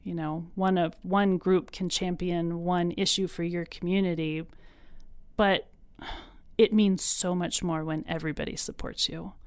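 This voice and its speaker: A woman's voice: fairly low pitch, level tone, unhurried, darkish tone, clear, resonant tone, no room sound, studio quality. A woman speaking earnestly as a podcast guest in a conversational interview. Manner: earnest, emotional at times, laughs.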